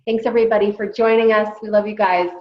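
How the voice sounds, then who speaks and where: A woman's voice: mid-range voice, steady tone, quick pace. Chatty woman host, roomy dull sound. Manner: chatty storyteller, acts out her own quotes. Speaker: podcast host. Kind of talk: casual chat.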